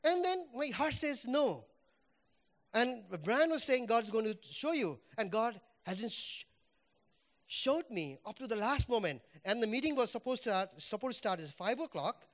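A man's voice: very high-pitched, normal speed, dull audio. A man preaching a personal testimony in church, telling his story animatedly and acting out what he said and thought. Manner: animated storytelling, voice swinging up and down as he relives moments.

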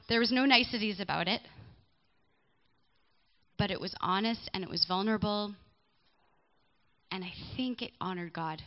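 A woman's voice: mid-range voice, highs cut off. A young woman sharing a personal testimony at a church gathering, talking candidly and chatting with people in the audience. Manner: candid and chatty, with asides to listeners. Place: church hall with a live audience.

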